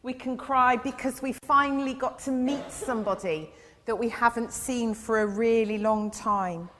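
A woman giving a gentle children's sermon in church, asking her listeners questions as she goes. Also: fairly high pitch, normal speed, a little hiss or hum. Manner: gentle, asks the audience questions. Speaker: church speaker giving an all-age talk. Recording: long reverb in a big hall.

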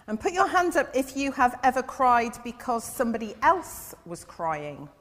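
A woman giving a gentle children's sermon in church, asking her listeners questions as she goes. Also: fairly high pitch, very animated, normal speed. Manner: gentle, asks the audience questions. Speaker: church speaker giving an all-age talk. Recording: long reverb in a big hall.

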